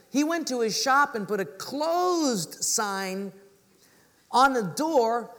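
A pastor with a fairly high voice delivers a sermon, slipping into the voices of the people in his stories. The hall rings with long reverb behind him. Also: fairly bright tone.

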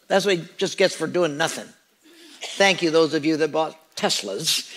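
A man's voice: high-pitched, a bit bright. A man preaching a Christmas sermon as pastor, joking with his congregation in a conversational way. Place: church sanctuary.

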